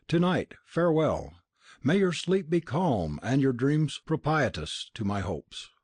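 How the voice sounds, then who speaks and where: A man's voice: mid-range voice, sing-song, unhurried, darkish tone, slightly rough, dry recording. A man voicing an arrogant Italian prince who speaks haughtily, impatiently and with scorn. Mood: courtly. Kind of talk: audiobook character reading.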